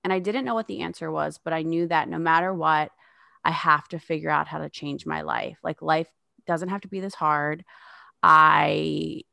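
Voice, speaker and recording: A woman in her thirties speaks in a low, gravelly voice with plenty of fry. She talks frankly and sarcastically as a podcast guest and swears freely. The sound is dry and close. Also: steady tone, normal speed, pushed and bright, dry recording. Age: 30s. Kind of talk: candid podcast conversation.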